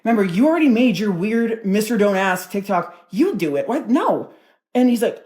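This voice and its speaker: A young woman tells a storytime on her vlog. She talks in a loose, chatty way, swears freely and leans on filler words. Her voice sits at an ordinary middle pitch. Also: very animated, moderate pace, darkish tone. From Denver, United States. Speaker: content creator.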